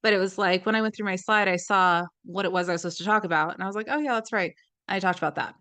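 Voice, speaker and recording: Casual female podcast co-host, anecdotal and chatty, mid-pitched, dry close mic. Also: very fast, bright, forceful tone, dry recording. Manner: chatty storyteller, acts out quoted voices, swears casually.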